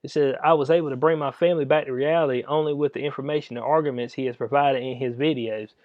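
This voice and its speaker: A man's voice: mid-range voice, steady tone, fast, dry recording. Rambling man ranting, lo-fi sound. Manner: rambling, slangy, laughs at his own jokes. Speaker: commentary vlogger. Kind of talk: casual rant. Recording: dull lo-fi sound.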